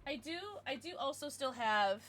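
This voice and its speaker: A young woman streaming live, chatting casually as she opens trading cards, excitable and giggly with bursts of squealing. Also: high voice, moderate pace, background noise. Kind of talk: casual livestream chat while opening cards.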